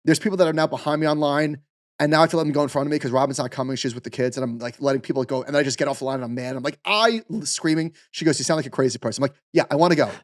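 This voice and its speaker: A man co-hosting a podcast, telling animated stories in casual chat with lots of fillers. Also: medium pitch, rapid-fire, dry recording, clean studio sound. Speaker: podcast co-host.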